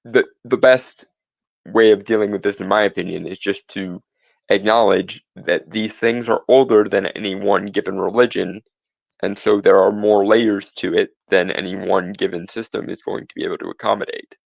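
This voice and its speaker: A man with a low voice and a gravelly edge talks through his views in casual podcast chat. He meanders, restarts his sentences and leans on fillers. The sound is close and dry. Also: fairly even intonation, dry recording. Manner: musing, halting, many restarts and fillers. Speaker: podcast co-host.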